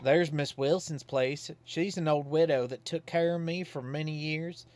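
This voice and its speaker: Folksy rural game character, read aloud by a man; homespun country dialect, storyteller's drawl, raised pitch. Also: fairly even intonation, moderate pace, a little mellow, no room sound, lightly acted. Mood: folksy, chatty. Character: simple folksy rural man, old Godfrey.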